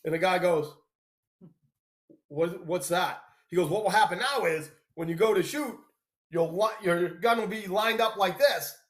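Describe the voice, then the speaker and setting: A man hosting a live stream, telling lively stories about his work and acting out the people in them. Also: sits high, moderate pace. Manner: animated storyteller, acts out quoted people. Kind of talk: casual storytelling chat.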